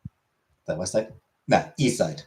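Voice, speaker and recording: A young man with a deep voice chats casually with his stream viewers at a measured pace. He is relaxed and rambles along, dropping in plenty of fillers.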